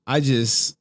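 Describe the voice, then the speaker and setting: A young man streaming live, chatting casually with slang and cursing, breaking into laughter often. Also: mid-range voice. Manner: laughs often, slangy and profane, slow drawl.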